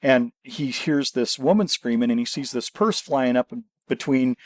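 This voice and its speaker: Chatty man host, middle pitch, dry close sound, animated storytelling. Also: normal speed, no room sound. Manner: animated anecdotes, frequent agreeing. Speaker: podcast host. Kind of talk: conversational podcast chat.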